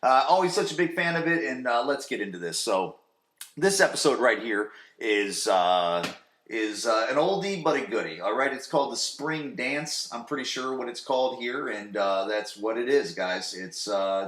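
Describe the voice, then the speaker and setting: Crude, rambling forty-something podcast host. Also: male voice, medium pitch, animated, normal speed, fairly bright tone, reverberant. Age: 40s. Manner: crude, rambling, swears freely, many fillers. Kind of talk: casual solo podcast recap. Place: home basement.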